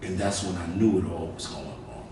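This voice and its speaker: A man tells a profane, animated story with lots of restarts in an interview. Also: low-pitched, normal speed. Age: 50s. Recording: echoey room, distant mic, faint noise.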